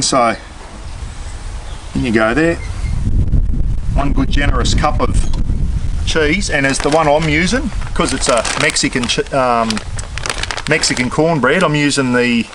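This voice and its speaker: A man's voice: medium pitch, noisy background. A man with an Australian accent hosting a casual cooking demonstration, chatting straight to his viewers as he cooks outdoors. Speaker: cooking channel host.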